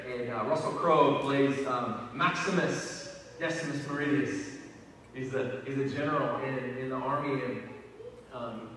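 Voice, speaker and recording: A man's voice: mid-range voice, bright, forceful tone, slight background noise. A man preaching a sermon in a conversational, emphatic way, often repeating his words as he builds up. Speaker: pastor. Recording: echoey hall from far off.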